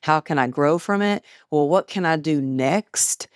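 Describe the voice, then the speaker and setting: Woman guest, middle-aged, low-ish voice, animated storyteller who acts out dialogue, dry close mic. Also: measured pace, dry recording. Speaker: podcast guest, author. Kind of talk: casual storytelling interview.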